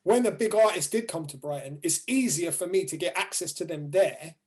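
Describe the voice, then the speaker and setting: A man with a southern English accent hosting a podcast, relaxed and slangy, asking long rambling questions. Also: on the high side, fairly quick. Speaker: podcast host. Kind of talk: casual podcast chat.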